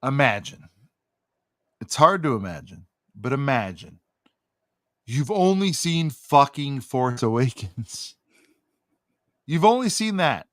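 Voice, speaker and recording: A man's voice: mid-range voice, very animated, slow pace, long pauses, no room sound, studio quality. A man co-hosting a casual podcast, telling a profane, ranting story. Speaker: podcast co-host.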